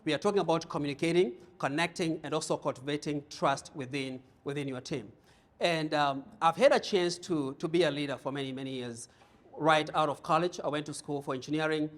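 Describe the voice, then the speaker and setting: A man's voice: on the high side, brisk. A middle-aged man from Kenya with a Kenyan accent, giving a humorous leadership keynote to a live audience, telling stories and often repeating words as he starts a thought. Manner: storytelling, jokey, repeats words when starting. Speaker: keynote speaker. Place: conference room with audience.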